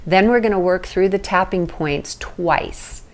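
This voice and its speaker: A woman teaching an emotional tapping session, explaining at length in a chatty way with light asides, then guiding slow repeat-after-me statements. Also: fairly low pitch. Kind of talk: guided tapping lesson. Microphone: phone or camera mic.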